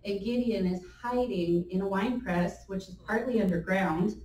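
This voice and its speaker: A woman's voice: medium pitch, normal speed, a little hiss or hum. Woman teaching in an echoey church. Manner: animated storytelling, laughing asides. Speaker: church speaker. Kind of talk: conversational sermon teaching. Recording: echoey room, mic at a distance.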